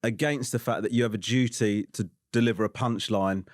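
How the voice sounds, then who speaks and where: A man's voice: lowish voice, steady tone, a little fast, no echo, studio quality. A man in his forties with an English accent, hosting a casual interview and asking questions with many restarts. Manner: hesitant, restarts questions often. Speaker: host.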